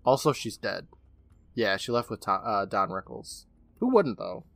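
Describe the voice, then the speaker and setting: Young male podcast host, lively recapper, acts out lines, dry close sound. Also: fairly low pitch, normal speed, gravelly, no echo. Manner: animated retelling, acting out lines in character. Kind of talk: casual recap of a horror episode.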